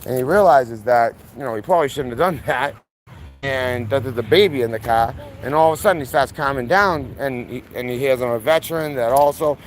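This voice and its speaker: A young man rants outdoors, swearing freely and circling back as his voice climbs with anger. His voice sits at an ordinary male pitch. Clear traffic and street noise runs behind him. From Massachusetts, USA. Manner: heated, profane, rambling, voice rising when worked up. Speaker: vlogger. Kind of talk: angry storytelling rant. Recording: noisy outdoor street recording.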